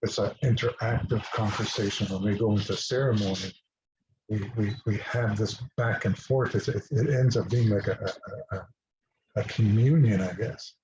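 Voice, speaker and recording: A man speaking as a guest, telling a personal story in a halting way with many restarts and fillers. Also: lowish voice, steady tone, noisy background. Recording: dull lo-fi recording.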